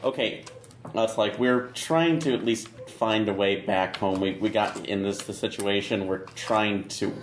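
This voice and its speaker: Low-voiced man, halting tabletop player. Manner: halting, hesitant. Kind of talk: casual tabletop game chat. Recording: roomy with faint noise.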